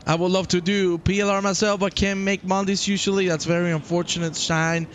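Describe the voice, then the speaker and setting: A man's voice: high voice, fairly quick, a little hiss or hum. A young man hosting a live sim racing stream, commentating playfully and chatting with his viewers. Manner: playful and excitable, chats with viewers.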